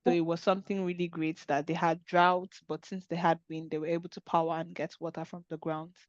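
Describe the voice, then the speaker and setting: A woman's voice: on the low side, level tone, fairly quick, dry recording, dull audio. A woman hosting an online webinar discussion, talking in an earnest, conversational way over a video call. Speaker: webinar host.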